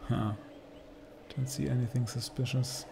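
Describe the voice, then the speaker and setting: Slow, gravelly male streamer. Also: medium pitch, steady tone, noisy background. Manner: dry, sarcastic asides. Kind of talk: casual gameplay commentary.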